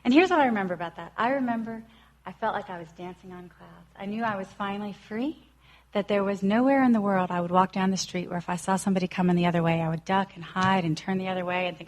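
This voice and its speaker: A woman's voice: mid-range voice, a little fast. Woman telling her recovery story. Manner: earnest storytelling, acts out quoted voices. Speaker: recovery speaker. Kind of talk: personal recovery talk.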